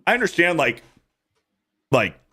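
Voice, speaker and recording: A man hosting a casual podcast, ranting and swearing heavily and mimicking people in a higher voice. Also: sing-song, measured pace, pushed and bright, husky. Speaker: podcast host.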